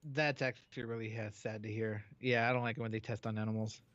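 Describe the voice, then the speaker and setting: A man's voice: lowish voice, steady tone, quick pace, fairly bright tone. A male co-host tossing in short, easygoing replies during casual chat. His voice comes through dull and lo-fi, with a dry, close sound and no room echo.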